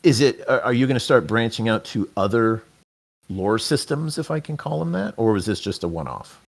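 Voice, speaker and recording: Podcast host, male, lowish voice, loose rambling delivery. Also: lively intonation, normal speed. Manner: rambling, restarts mid-sentence. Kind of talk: casual interview chat.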